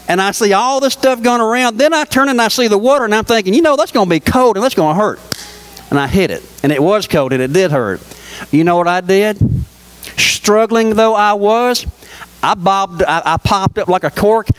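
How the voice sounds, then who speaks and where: A man's voice: sits high, low-quality recording. A man preaching a sermon, telling stories with lots of rhetorical questions to the congregation.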